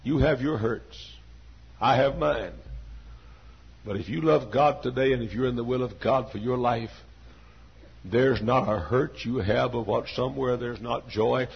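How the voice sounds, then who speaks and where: A man in his sixties preaching a sermon with an emphatic, repetitive cadence that swings from hushed to loud. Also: medium pitch, unhurried, gravelly, husky, highs cut off. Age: 60s. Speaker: pastor.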